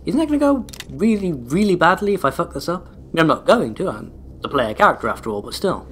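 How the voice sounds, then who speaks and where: A man's voice: on the high side, very animated, quick pace, bright, forceful tone, a little hiss or hum. A young man rambling through casual gameplay commentary as a let's play host, with dry, self-deprecating jokes aimed at his viewers.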